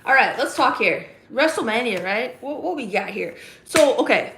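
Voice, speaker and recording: A woman's voice: a little high, lively intonation, moderate pace, vocal fry, reverberant, background noise. A woman hosting a casual live stream, rambling and chatty with plenty of fillers and restarts as she greets viewers in the chat. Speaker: livestream host.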